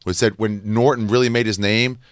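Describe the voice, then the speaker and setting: A man's voice: fairly low pitch, brisk, no echo, clean studio sound. A man, a comedian guest, chatting casually on a podcast and acting out quotes as he tells stories. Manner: animated storyteller acting out quotes.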